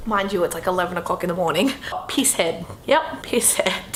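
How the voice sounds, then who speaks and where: A woman's voice: fairly low pitch, animated, fairly quick, echoey room, slight background noise. A young Australian woman with an Australian accent, casually explaining slang in a brash, swearing, self-mocking way.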